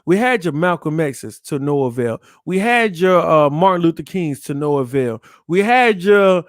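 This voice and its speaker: High, lively preaching man. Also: moderate pace, no echo, clean studio sound. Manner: preachy, repeats lines for emphasis, rhetorical questions. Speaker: podcast host. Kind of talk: preaching from scripture.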